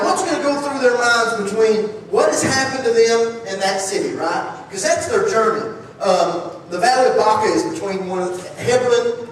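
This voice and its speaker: Preaching in a church sanctuary, a man with a high-pitched voice speaks conversationally, restarts phrases, and puts questions to the congregation. A distant mic catches the echoey hall along with slight background noise.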